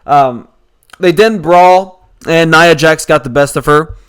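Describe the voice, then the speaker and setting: A man's voice: on the high side, slow, a bit bright, clean tone. A man casually recapping a wrestling show, opinionated and rambling, with lots of fillers.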